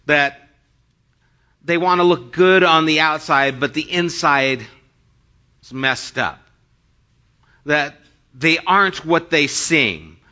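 Male pastor, slow deliberate sermon delivery, brightish voice, reads scripture then retells it casually; muffled lo-fi audio. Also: on the high side. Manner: reads scripture aloud, then retells it in plain everyday speech.

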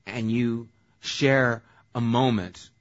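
A male pastor preaching a sermon in a conversational, animated way. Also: mid-range voice, takes it slowly, lo-fi sound.

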